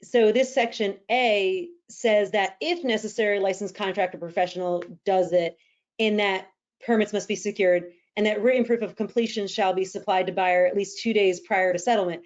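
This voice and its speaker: A woman's voice: medium pitch, steady tone, normal speed. Earnest woman real estate host. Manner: earnest, explanatory, practical. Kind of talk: casual podcast conversation. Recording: slightly dull lo-fi audio.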